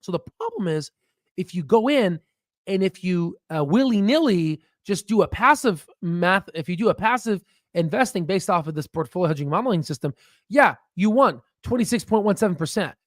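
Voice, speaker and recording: A man hosting a stock market livestream, talking in excited bursts, laughing often and checking in with "right?". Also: sits high, moderate pace, no room sound, studio quality. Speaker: stock market channel host. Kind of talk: excited casual livestream commentary.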